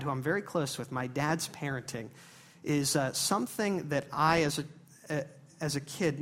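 Male pastor, casual storytelling sermon voice, animated, big swings from quiet to loud. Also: fairly high pitch. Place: church service.

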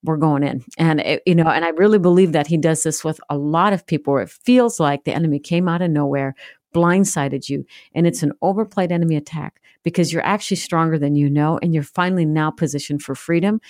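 A woman's voice: low voice, fairly quick, darkish tone, no room sound, clean studio sound. A middle-aged woman giving a heartfelt personal testimony as a guest author in an interview. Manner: earnest, heartfelt storytelling.

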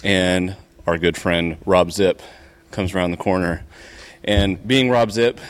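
A man's voice: low voice, fairly even intonation, slow. Give me a man telling a convention story, rambling with restarts. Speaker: convention vendor. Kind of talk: casual storytelling. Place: convention hall.

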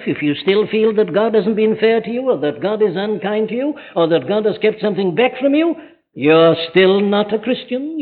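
A man's voice: high-pitched, narrow, tinny audio. A man preaching a sermon in a chapel, pressing his listeners with urgent rhetorical questions. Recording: thin archive sermon recording with long chapel reverb.

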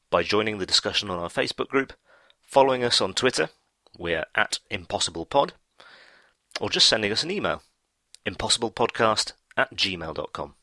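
Low, bright-voiced man hosting a podcast. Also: no room sound. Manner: brisk, upbeat sign-off. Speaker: podcast host. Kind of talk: scripted podcast outro.

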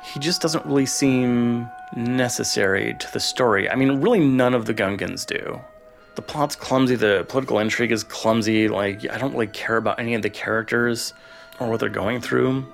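A man's voice: mid-range voice, moderate pace, creaky, soft background music. A man delivering a vitriolic, profane rant in a monologue he recorded himself. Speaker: contributor sending a recorded rant.

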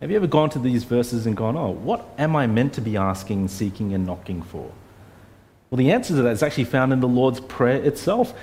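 A man preaches at a middle pitch, earnest and conversational. He leans on rhetorical questions and talks his listeners through each point plainly. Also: expressive, quick pace, hardly any pauses, a little mellow, a little hiss or hum. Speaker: pastor. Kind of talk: sermon.

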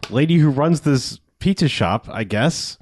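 A man's voice: medium pitch, expressive, unhurried, a little mellow. A man in a casual movie podcast, dryly running through a film's plot with wry asides. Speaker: podcast host. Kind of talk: casual movie-review chat.

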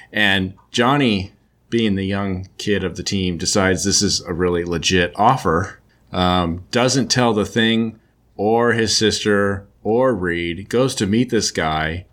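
A man gives a casual comic book recap, loose and chatty and packed with filler words. His voice is lowish with a fairly bright tone.

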